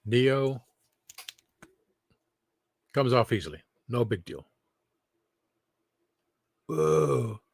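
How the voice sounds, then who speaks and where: A man's voice: mid-range voice, lively intonation, moderate pace, long pauses. A man vlogging from home, rambling and thinking aloud, recorded by a camera set at some distance. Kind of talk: casual vlog monologue.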